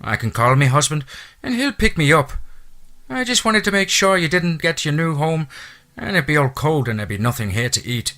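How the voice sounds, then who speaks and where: A man's voice: fairly high pitch, animated, normal speed, bright, forceful tone, voice pushed up. A man voicing a chatty middle-aged Irish housekeeper in an audiobook, with a cheerful, motherly Irish brogue. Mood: cheery, motherly. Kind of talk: audiobook character voice.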